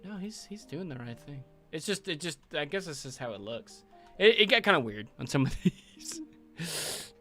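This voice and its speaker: A man's voice: on the high side, big pitch swings, moderate pace, pushed and bright, soft background music. A man hosting a livestream, casually talking through his work, thinking aloud with fillers and chuckles. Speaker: livestream host building a game world. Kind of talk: casual livestream commentary while working.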